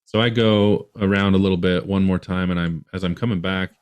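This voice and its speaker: A man's voice: sits low, steady tone, a little fast, clean tone. A man from Utah, a podcast guest, telling a long story in a rambling way with many restarts.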